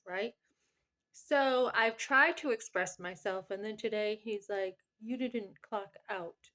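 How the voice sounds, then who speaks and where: A woman vlogging, retelling an argument with her boss in a frustrated, rambling way, with many fillers. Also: mid-range voice. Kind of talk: casual personal storytelling.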